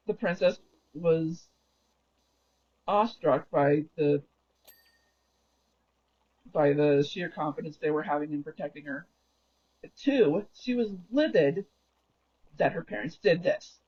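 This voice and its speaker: Rambling man with a husky, raised voice. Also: on the high side, slow pace, pauses often, a little mellow. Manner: rambling, often correcting himself mid-sentence. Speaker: gaming livestreamer. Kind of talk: casual storytelling while gaming. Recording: dull lo-fi recording.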